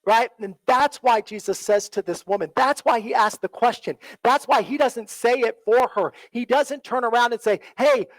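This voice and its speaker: A man preaching a sermon in a church, earnest and repetitive, often asking "right?" and dropping low and soft when he quotes. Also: moderate pace, hardly any pauses, no room sound, rough recording. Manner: earnest, repeats phrases, asks "right?" often. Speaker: pastor.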